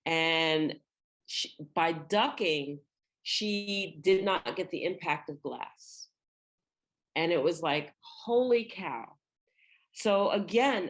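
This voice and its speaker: A woman co-hosting a podcast, telling stories animatedly and acting out quoted lines. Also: sits low. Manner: animated storyteller, acts out quotes. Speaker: podcast co-host. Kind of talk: casual storytelling conversation.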